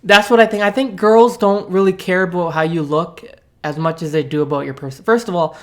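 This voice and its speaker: A man's voice: high-pitched, steady tone, brisk, fairly bright tone. A man in his twenties telling a story to camera in a rambling, self-mocking way, swearing freely. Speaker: vlogger.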